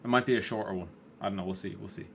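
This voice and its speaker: Rapid-fire and lowish, this gaming YouTuber talks over his own football game, swearing at players and growing excited, though at times he sounds tired and yawns. Slight background noise is present.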